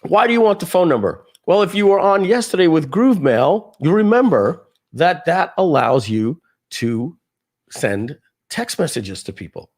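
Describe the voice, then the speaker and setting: A man giving a casual live software demo, talking viewers through settings with fillers and asides. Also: a little high, moderate pace. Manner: lively, conversational, with frequent fillers and asides. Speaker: software trainer.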